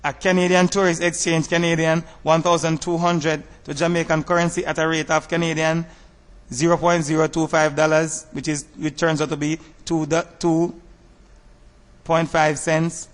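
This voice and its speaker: A man teaching a math lesson over slides, explaining step by step in a measured way and asking rhetorical questions. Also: on the high side, level tone, big-room sound.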